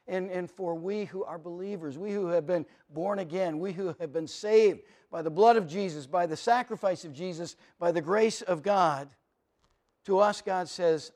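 A man delivers a sermon as a pastor, his voice sitting noticeably high for a man. He speaks earnestly and with emphasis, stumbling into small repeats like "and, and" as he presses each point home. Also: moderate pace, darkish tone. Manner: earnest, emphatic, often repeats opening words.

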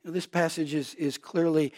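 A middle-aged male preacher with a high voice delivers a verse-by-verse sermon. He talks earnestly, often repeating a word as he presses a point. He swings between rising, urgent passages and hushed, slower stretches. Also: steady tone. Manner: earnest, repeats words when building emphasis, swings from loud urgency to quiet. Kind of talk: expository sermon.

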